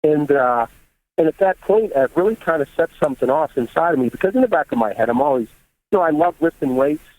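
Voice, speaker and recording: A man in his thirties tells his story in a relaxed, candid way, with plenty of swearing thrown in. His voice sits a little higher than most men's. He gets animated when he retells what other people said. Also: fast talker, no echo, rough recording. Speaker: guest bodybuilder. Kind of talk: casual storytelling interview.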